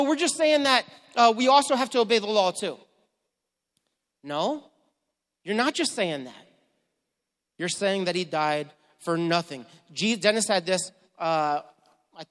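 A man preaching a sermon as pastor, swinging between quiet, measured reading and fervent, emphatic questions. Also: high-pitched. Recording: long hall reverb.

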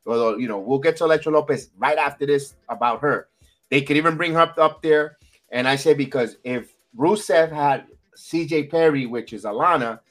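A man hosting a wrestling recap podcast in casual chat, animated and repeating himself for emphasis. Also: fairly high pitch, moderate pace. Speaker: podcast host.

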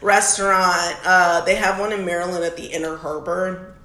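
A woman's voice: on the low side, little pitch movement, normal speed, pushed and bright. Laughing woman in a roomy recording. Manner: laughing often, loose storytelling. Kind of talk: casual group chat. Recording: roomy echo.

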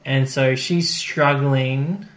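A man's voice: mid-range voice, fairly even intonation, drawn-out words, a bit bright. A man co-hosting a podcast, casually recapping an episode and acting out the characters' lines as he retells it. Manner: chatty, acts out characters' lines while retelling. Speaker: podcast co-host.

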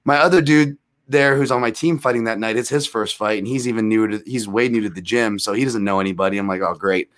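A man in his thirties, a podcast guest telling rambling, self-deprecating fight stories with animated retellings. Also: lowish voice, quick pace, hardly any pauses. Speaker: guest, MMA analyst. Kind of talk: casual storytelling in a podcast interview.

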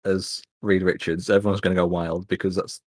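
A man's voice: low voice, little pitch movement, brisk, darkish tone, no echo. A young man co-hosting a podcast in casual chat, enthusiastic and rambling with many fillers. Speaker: podcast co-host.

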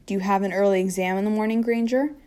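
A woman's voice: medium pitch, steady tone, fast, mellow, smooth, natural voice. A woman reading as a cold, irritable young wizard. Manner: clipped, harsh, irritated. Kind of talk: amateur fanfiction reading.

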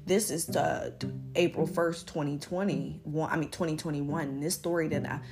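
A low-voiced woman hosting her own podcast, talking straight to her listeners as "y'all" with an American accent that drifts between northern and southern. She rambles along in a chatty, playfully boastful way over guitar music. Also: fairly even intonation, moderate pace. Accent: American, mixing northern and southern. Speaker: podcast host. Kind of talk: casual solo podcast monologue.

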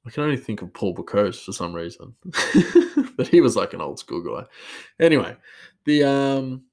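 A man's voice: medium pitch, very animated, moderate pace, darkish tone. A man, a chef, talking casually on a podcast, rambling and hesitant with plenty of laughs.

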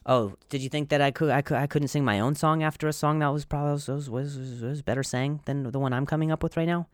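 A man's voice: a little high, fairly even intonation, fast, no room sound, studio quality. Stuttering man hosting a comedy podcast. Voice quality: stutter with many repeated words and sound blocks. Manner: self-deprecating, rambling, jokey. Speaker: podcast host.

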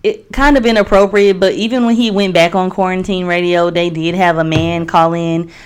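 A woman co-hosting a casual chat show, telling stories with frequent laughs and animated retelling. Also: on the low side, moderate pace, clean tone. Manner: giggly storyteller, animated retelling. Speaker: podcast co-host.

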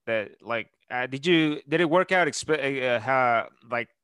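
Smooth-voiced man asking halting questions. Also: mid-range voice, fairly bright tone, dry recording. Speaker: interviewer. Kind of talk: casual interview chat.

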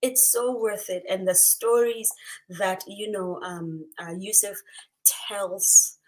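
A woman's voice: medium pitch, steady tone, slow, a little mellow, low-quality recording. A woman hosting a book chat, reading passages aloud and reacting with laughter and emotion. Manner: emotional, laughs often, exclaims. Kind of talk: casual chat and read-aloud.

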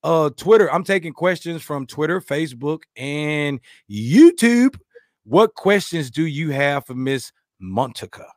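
Man, joking podcast host, lively up-and-down pitch, fairly high voice, dry close sound. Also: a little slow, no room sound. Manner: playful, joking, animated. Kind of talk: casual chat.

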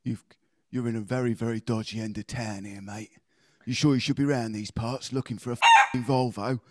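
A man's voice: medium pitch, steady tone, normal speed, dry recording, clean studio sound, close to an everyday voice. A man playing a hostile, shady car dealer who swears and threatens in an improv sketch. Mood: threatening.

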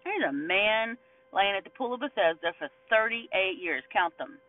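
A man giving a casual, chatty Bible teaching, animated and quick to laugh. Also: high voice. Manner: chatty, animated, laughs often, mimics whiny voices. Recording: tinny phone-like sound, distant mic.

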